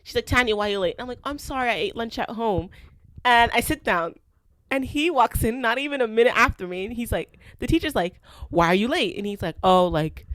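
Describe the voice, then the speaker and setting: A young woman from Canada hosting a podcast, telling a school story in a chatty, animated way and acting out the quotes. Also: a little high, brisk, dry recording. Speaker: podcast host. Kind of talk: casual storytelling.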